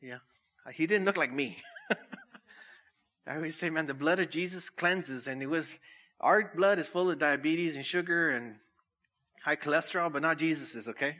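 A man's voice: a little high, normal speed, long pauses, bright, forceful tone. A middle-aged man preaching a sermon, casual and jokey, laughing at himself, then reading scripture and praying. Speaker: pastor.

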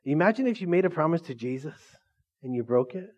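A man's voice: a little high, expressive, fast talker, a little mellow, lo-fi sound. A male pastor preaching a sermon, repeatedly asking the congregation questions and prompting their replies. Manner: call-and-response questions to the congregation.

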